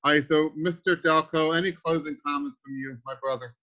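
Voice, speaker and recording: On slightly muffled call audio, a man hosts a weekly team training call, motivational and effusive, addressing people as sir and brother. His voice is on the high side, bright and forceful, fairly even in intonation and brisk.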